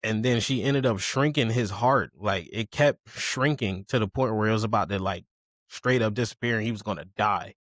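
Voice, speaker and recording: A man's voice: on the low side, moderate pace, no echo, studio quality. A man chatting casually on a podcast, retelling a story with acted quotes and lots of swearing. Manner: animated storyteller who acts out quotes, swears freely.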